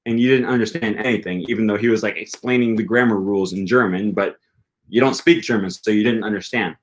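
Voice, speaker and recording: A man hosting a language-learning livestream, answering viewer questions in a casual, rambling way with lots of hesitant filler words. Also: mid-range voice. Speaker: language-learning channel host.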